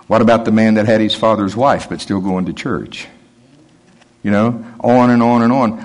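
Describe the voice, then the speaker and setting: Husky older guy preaching, chatty and emphatic, goes low and quiet on the quotes. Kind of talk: sermon.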